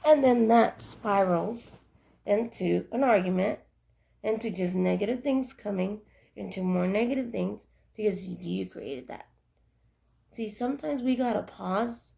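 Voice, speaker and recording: A woman's voice: mid-range voice, measured pace, gravelly, warm tone. A young adult woman giving earnest, rambling life advice in a casual monologue. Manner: earnest, preachy, rambling with restarts.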